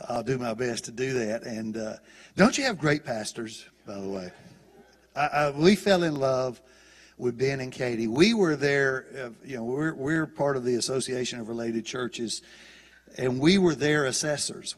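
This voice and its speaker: A man's voice: medium pitch, moderate pace. A man with a Southern US accent, a guest preacher giving a folksy, chatty sermon with many restarts. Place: church auditorium. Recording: long church hall reverb.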